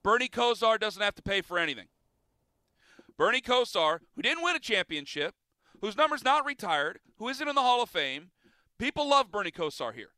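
Man, sports radio host, emphatic and argumentative, smooth crisp voice, bright tone. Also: sits high, big pitch swings, moderate pace, no echo. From Cleveland area. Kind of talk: sports talk radio opinion.

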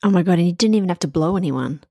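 A woman's voice: fairly low pitch, lively intonation, rapid-fire, dark tone. A woman host in a casual chat, reacting with short exclamations and laughs.

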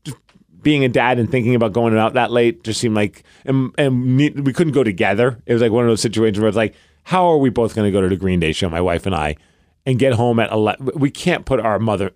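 A man's voice: on the low side, a little fast, dry recording, studio quality. A man in his thirties co-hosting a podcast, telling rambling stories with lots of fillers in a casual chat. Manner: rambling, animated storytelling with many fillers. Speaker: podcast co-host.

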